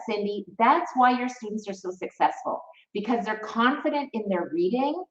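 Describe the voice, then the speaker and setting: A woman teaching music theory in a live stream, chatty and encouraging, reading out viewers' comments as she goes. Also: medium pitch. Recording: roomy, distant, slightly dull mic.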